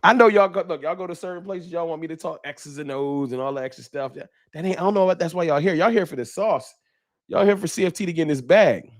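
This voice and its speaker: A man hosting a fan livestream, talking trash in a preachy, animated way and reading viewer chats aloud. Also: on the high side, quick pace. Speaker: sports fan show host.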